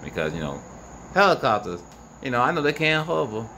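A man's voice: mid-range voice, brisk. Man calling out a night sky, crickets chirping. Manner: animated, profane, incredulous, talks to viewers. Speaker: vlogger filming the night sky. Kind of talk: excited live commentary. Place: outdoors at night. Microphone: phone camera. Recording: noisy outdoor phone recording. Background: crickets and insects, passing vehicles.

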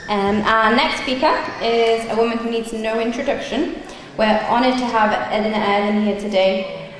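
A woman's voice: on the high side, normal speed. Woman host in a very echoey hall. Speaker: event host. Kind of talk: formal introduction.

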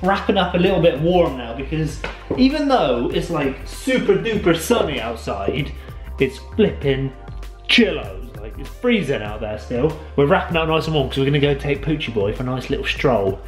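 Vlogger, young man, high bright-pitched voice, animated, soft music behind. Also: normal speed. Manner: upbeat, playful, chatty. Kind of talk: casual vlog chat. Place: outdoors on a hillside walking a dog. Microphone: handheld camera.

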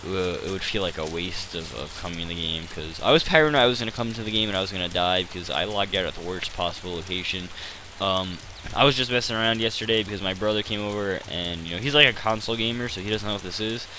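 A man talks over his gameplay in a rambling, hesitant way, full of fillers and self-deprecating asides. His voice sits low. Steady rain noise from the game hisses clearly behind him. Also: quick pace, few pauses, poor audio. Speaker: gaming channel host.

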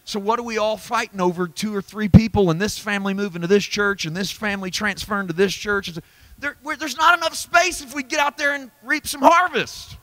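Pastor preaching at bible study, folksy and fired up, dry close sound. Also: male voice, steady tone, brisk, pushed and bright, no echo. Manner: emphatic, swings from low asides to high exclamations; folksy, self-deprecating humor. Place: church.

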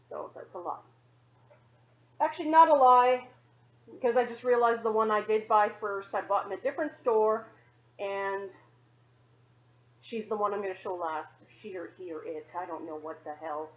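A woman's voice: medium pitch, highs cut off. A woman doing a casual show-and-tell vlog at home, chatty, rambling and self-deprecating. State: sweaty after cleaning. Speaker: doll-collecting vlogger. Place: home condo.

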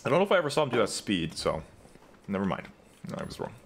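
A man's voice: on the low side, sing-song, fast. A young man giving live commentary over his own game, trash-talking opponents and joking with heavy profanity. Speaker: gaming content creator.

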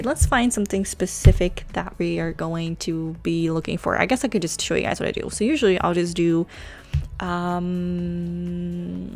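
Female tutorial host, chatty and rambling, slight vocal fry, light music underneath. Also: fairly low pitch, a little mellow. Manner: chatty, rambling, self-teasing. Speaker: gaming channel host. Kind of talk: casual screen-recorded tutorial. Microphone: desk microphone.

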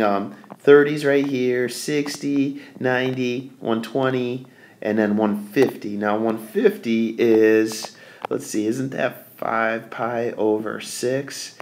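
A man's voice: mid-range voice, slight background noise. A man teaching a recorded math lesson, thinking aloud as he draws and correcting himself along the way.

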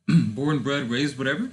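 A man from Lisbon, a native Portuguese speaker, giving casual let's-play commentary in English, thinking aloud with rambling asides and bursts of excitement. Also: medium pitch, slow, a little hiss or hum. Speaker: gaming channel host.

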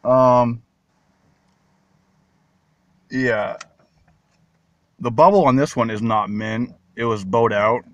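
A man vlogging excitedly about toy finds at a mall, talking slowly but leaping into high squeals and baby talk. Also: dry recording, highs cut off. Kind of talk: excited casual vlog. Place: shopping mall.

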